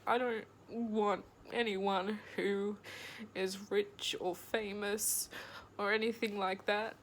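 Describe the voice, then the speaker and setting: A young woman telling a personal story in a diary vlog, speaking in a halting, emotional way with pauses, close to tears. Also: medium pitch, flat delivery, slight background noise. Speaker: vlogger.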